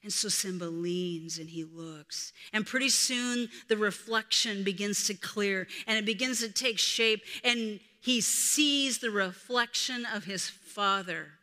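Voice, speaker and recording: A woman preaching a sermon as a story, swinging from hushed whispers to loud, emphatic peaks. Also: mid-range voice, measured pace, few pauses. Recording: reverberant hall.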